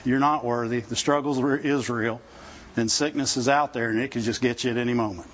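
A man's voice: mid-range voice, fairly even intonation, fairly quick. A man preaching a sermon in a conversational, folksy way, often asking his listeners rhetorical questions. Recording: dull lo-fi recording.

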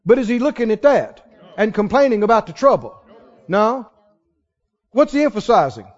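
A man preaching a sermon with emphatic delivery, calling on the congregation to respond. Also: high-pitched. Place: church sanctuary. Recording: dull sound in a large reverberant hall.

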